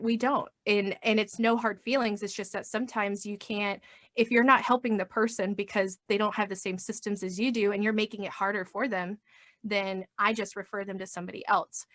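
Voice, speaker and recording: A woman's voice: medium pitch, a bit bright, no room sound. Upbeat woman, dry close mic. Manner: upbeat, acts out quoted voices. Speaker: podcast guest. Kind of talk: casual interview chat.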